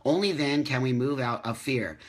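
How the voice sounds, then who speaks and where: A man hosts a casual live morning stream and reads viewer comments aloud. He rants with force and hammers his points home by repeating lines. His pitch sits in the usual middle for a man. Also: normal speed. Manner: emphatic, ranting, repeats phrases for stress. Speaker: host of a live morning show. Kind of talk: casual livestream chat reading viewer comments.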